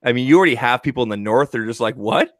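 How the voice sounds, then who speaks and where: A man's voice: medium pitch, rapid-fire, no room sound, clean studio sound. A man from Canada chatting casually on a livestream, acting out quotes in funny voices. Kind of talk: casual chat.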